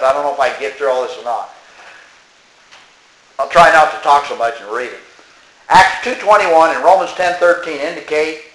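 A man's voice: mid-range voice, fairly bright tone, echoey room, poor audio. A man reading a religious tract aloud and commenting on it as he goes, emphatic and scolding. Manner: emphatic, scolding, talks back to the text.

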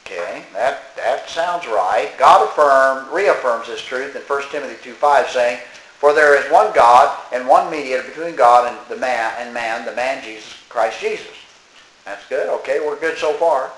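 A man's voice: mid-range voice, moderate pace, a bit bright, echoey room, poor audio. A man reading a religious tract aloud and commenting on it as he goes, emphatic and scolding. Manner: emphatic, scolding, talks back to the text.

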